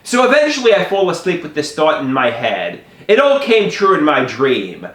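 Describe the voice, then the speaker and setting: A man telling a personal story to the camera in an animated way, often stammering and restarting his sentences. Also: a little high, moderate pace, reverberant.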